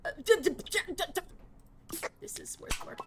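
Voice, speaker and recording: A woman streaming a game live, chatty and excitable, swearing often and talking to her chat. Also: extremely high pitch, normal speed, background noise. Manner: excitable reactions, sudden outbursts. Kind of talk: live gaming commentary.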